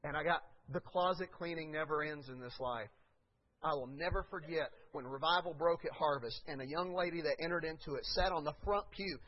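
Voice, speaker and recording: A man preaching a sermon as pastor, swinging from hushed asides to shouted peaks. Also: fairly high pitch, brisk. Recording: dull lo-fi recording.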